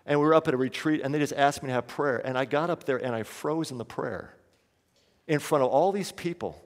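A man's voice: a little high, brisk. A man preaching a sermon as pastor, emphatic and repeating key lines, leading the congregation in call-and-response. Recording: long reverb of a large hall.

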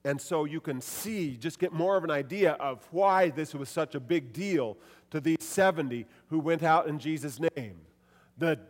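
A pastor preaching a sermon to a congregation, animated, voicing quoted lines with shifts in pitch and loudness. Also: male voice, a little slow, long reverb tail.

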